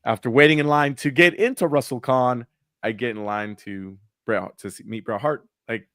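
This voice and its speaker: A man's voice: medium pitch, steady tone, normal speed, a bit bright, no room sound, clean studio sound. A man from California chatting casually on a podcast, telling stories in a laid-back way and swearing freely. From Sacramento, California. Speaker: podcast co-host. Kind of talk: casual chat.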